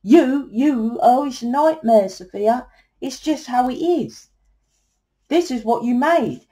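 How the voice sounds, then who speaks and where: A woman's voice: high voice, animated, slow pace, warm tone. A middle-aged woman, giving a blunt, salesy tarot reading and swearing freely. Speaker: tarot reader and spiritual coach. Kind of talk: casual tarot reading monologue.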